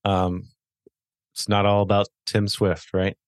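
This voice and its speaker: Podcast host guy, lowish voice, loose rambly talk, dry sound. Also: completely flat delivery, unhurried, clear, resonant tone, no echo. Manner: friendly, rambling, with many restarts and fillers. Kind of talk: casual interview chat.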